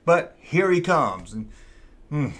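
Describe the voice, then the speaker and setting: A man's voice: on the high side, big pitch swings, takes it slowly, fairly bright tone. A man hosting his channel, telling a childhood story in a rambling, folksy way and often repeating himself. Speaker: channel host. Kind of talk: casual storytelling.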